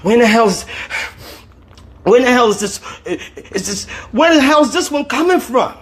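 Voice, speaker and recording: A man's voice: extremely high pitch, lively intonation, unhurried, voice pushed up. A man doing a pained, cursing young man. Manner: strained, cursing.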